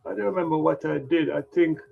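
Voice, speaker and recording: A man hosting a trading livestream mutters to himself in a slow, drowsy ramble and breaks now and then into loud, playful bursts. His voice sits high and rough with fry. Faint music runs under a dull, lo-fi recording. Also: fairly even intonation. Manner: muttering to himself while setting up the screen. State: yawning, tired. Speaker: livestream stock trading host.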